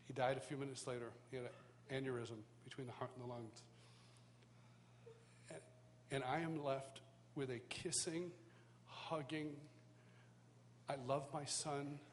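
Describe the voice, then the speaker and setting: A man teaching at a worship school, telling a personal story in sermon style with animated, self-mocking humor, recorded live in a church hall. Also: medium pitch, normal speed, pauses often. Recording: live hall reverb, faint background noise.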